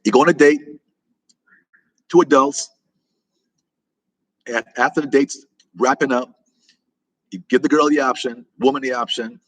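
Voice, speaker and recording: A man's voice: mid-range voice, steady tone, moderate pace, long pauses, a bit bright, no room sound, poor audio. A middle-aged man from the United States hosting a casual live chat, rambling, repeating himself and answering viewer comments as they come in. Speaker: livestream host answering chat.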